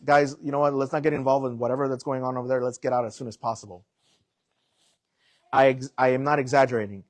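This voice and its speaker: A young adult man preaching, telling a personal story in an animated way and acting out the voices in it. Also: mid-range voice, fast, dry recording. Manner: animated storytelling, acts out quotes.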